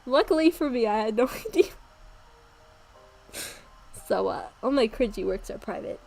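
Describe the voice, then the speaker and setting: A woman's voice: a little high, lively intonation, normal speed, vocal fry, a little mellow, soft background music, low-quality recording. A young woman in her early twenties reading her old novel aloud on a stream, laughing at her own writing.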